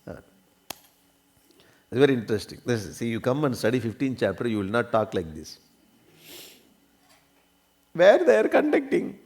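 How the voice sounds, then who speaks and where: A man's voice: lowish voice, animated, a little fast, pauses often, darkish tone. A man teaching a spiritual discourse, often checking that listeners follow and coughing now and then. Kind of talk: religious discourse.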